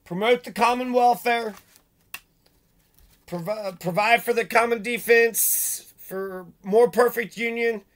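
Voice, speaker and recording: A man's voice: very high-pitched, fairly even intonation, takes it slowly, a bit bright. A man venting in a profane, sarcastic, rambling monologue, swearing often and mocking the people he is angry at. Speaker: vlogger.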